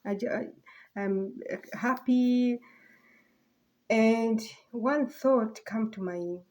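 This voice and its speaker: Soft-spoken woman rambling in a vlog. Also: fairly high pitch. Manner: halting, rambling, many fillers and restarts. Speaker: vlogger. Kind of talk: casual personal vlog monologue.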